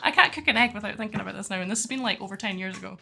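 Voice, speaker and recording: A Scottish woman chats casually as host of a livestream, her voice bright and forward at a mid pitch. She rambles happily from one thought to the next, padding her talk with plenty of fillers. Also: animated, racing, gravelly, faint music behind. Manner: chatty, rambling with many fillers, laughs often.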